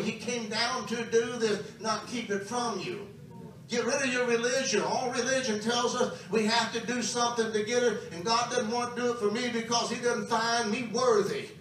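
A man's voice: high voice, fairly bright tone. A man preaching a camp meeting sermon, emphatic and calling out to his congregation. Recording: very echoey hall, distant mic.

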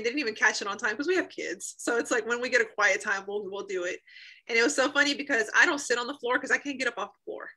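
A woman in her thirties telling an emotional personal story, animated, often laughing and acting out what people said. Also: fairly high pitch, rough recording. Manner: animated, laughs often, acts out quoted voices. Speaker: guest sharing a healing testimony.

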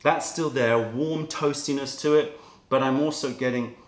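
A man hosting a casual tea tasting, musing aloud and slowly listing flavour notes. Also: medium pitch, steady tone. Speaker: tea shop host. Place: indoor room with cups and kettles. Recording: echoey room, faint noise.

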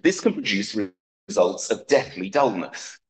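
A man giving a conference talk, reading an academic paper aloud in a measured, precise way with dry wit. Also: lowish voice, sing-song, low-quality recording. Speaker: conference speaker.

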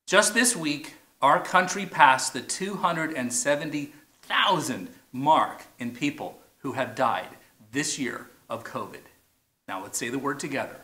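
A man's voice: on the high side, sharp tone. A man preaching a sermon as pastor, playful, stretching out key words for emphasis. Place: large church or plaza. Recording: echoey, roomy sound.

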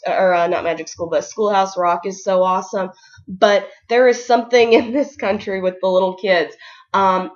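A woman's voice: medium pitch, lo-fi sound. A young woman teacher giving casual, upbeat advice in a vlog, full of ums and likes. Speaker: ESL kindergarten teacher.

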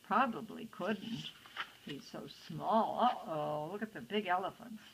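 A woman's voice: fairly low pitch, lively intonation, measured pace, vocal fry, noisy background. An older woman reading a picture book aloud to children, adding chatty asides to the listeners. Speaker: storytime reader.

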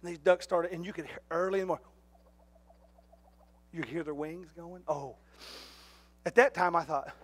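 A man preaching a sermon, telling stories in an animated, jokey way and shouting at the punchlines. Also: on the high side, normal speed, long pauses. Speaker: pastor. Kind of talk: storytelling sermon. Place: church.

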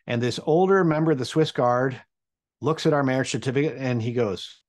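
An American man in his forties telling a personal story to an audience, animated and humorous as he builds suspense. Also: mid-range voice, a little fast. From United States.

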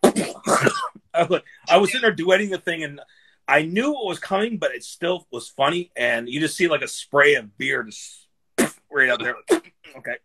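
A man's voice: fairly high pitch, sharp tone, breathy edge. A middle-aged man, a barbecue guest, telling loose stories in a casual live chat, swearing and laughing as he goes.

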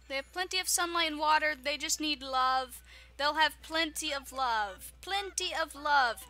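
A young woman, a gaming YouTuber, giggles her way through casual let's-play commentary on her own playthrough, often chanting silly catchphrases. Her high voice has lively intonation and a pushed, bright quality, she takes her time, and soft music plays behind her.

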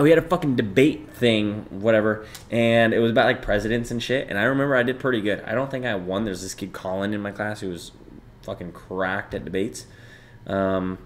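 A man's voice: on the low side, a bit bright, slight background noise. A young man in his twenties chatting casually and profanely with his stream viewers, bantering loosely and reading chat aloud.

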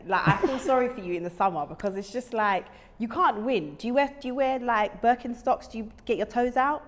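A woman's voice: fairly high pitch, a little fast. A woman hosting a podcast in casual chat, asking playful, teasing questions. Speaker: podcast host.

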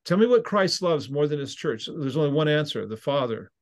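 A man's voice: on the high side, sing-song, fairly quick. A man, a seminary professor and minister, answering interview questions with an earnest, teaching tone and frequent restarts.

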